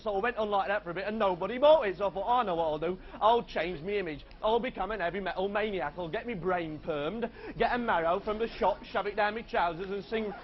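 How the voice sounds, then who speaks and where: A man's voice: high-pitched, fast, hardly any pauses, close to an everyday voice. A man playing Wally, a boastful, hopeless young wannabe pop star, rambling brashly in a comedy monologue. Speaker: comedy performer. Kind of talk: comic character monologue. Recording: dull 1980s TV sound.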